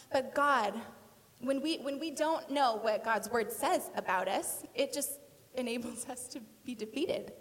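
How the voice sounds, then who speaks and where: Woman in her thirties, relaxed self-deprecating preacher, slightly high pitch, hall reverb. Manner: chatty, self-deprecating, laughing storyteller. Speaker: speaker at church. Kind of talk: sermon with personal story.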